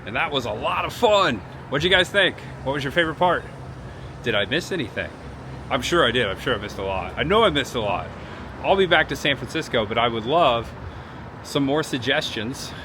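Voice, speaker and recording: A man's voice: medium pitch, expressive, brisk. A man talking casually as a travel vlogger, chatty and reflective, sometimes getting emotional as he walks through a city. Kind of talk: casual vlog narration. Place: outdoors on city streets. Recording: outdoor street noise.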